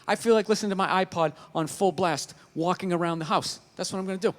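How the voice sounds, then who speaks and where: A man's voice: high-pitched, fast. A middle-aged man doing stand-up comedy, telling stories in a profane, ranting way.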